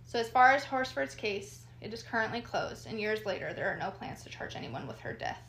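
A woman's voice: fairly high pitch, expressive, brisk, fairly bright tone, echoey room, rough recording. A woman co-hosting a true crime podcast, steadily recounting case details and reading out quotes. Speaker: podcast co-host.

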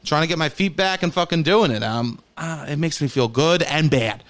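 A man's voice: fairly high pitch, moderate pace, a bit bright. A young man from New York, an improv comedian, rambling and swearing casually as a podcast guest.

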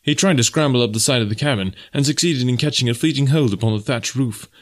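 A man narrating an audiobook in a steady, measured storytelling manner. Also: medium pitch. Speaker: audiobook narrator and podcast host. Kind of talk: audiobook reading.

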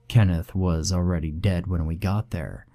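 A man narrating a horror story in a grave, measured first-person telling. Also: low voice, steady tone, warm tone. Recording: faint background music.

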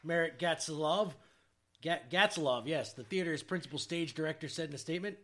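Guy with a bright high-ish voice reading news stories on a podcast, jokey, swears a lot. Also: a little fast. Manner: reads news aloud with joking asides, swears casually. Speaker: podcast host reading headlines. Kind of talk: casual chat.

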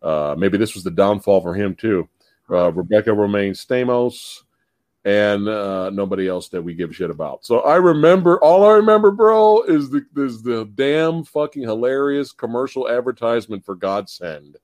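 A man hosting a casual live-stream podcast about movies, animated, laughing often and swearing casually. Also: fairly low pitch, normal speed, no room sound. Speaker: podcast host.

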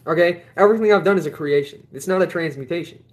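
A man's voice: on the high side, fast. A man hosting a spiritual livestream in casual talk. He rambles, repeats his words, laughs often and sounds blunt and dismissive.

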